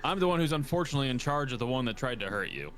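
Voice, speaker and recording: A man's voice: mid-range voice, sing-song, rapid-fire, fairly bright tone. A man playing a tabletop game, answering in a dry, sarcastic way. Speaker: player. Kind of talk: casual tabletop chat.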